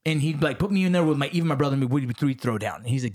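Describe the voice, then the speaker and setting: Fast-talking profane male podcast host. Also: mid-range voice, expressive, a little mellow. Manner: fast, profane, acts out the voices in his stories. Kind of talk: casual chat.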